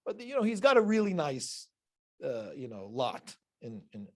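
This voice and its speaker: Animated male rabbi telling a story. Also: on the high side, moderate pace. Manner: animated storyteller who laughs between lines. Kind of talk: teaching a religious lesson.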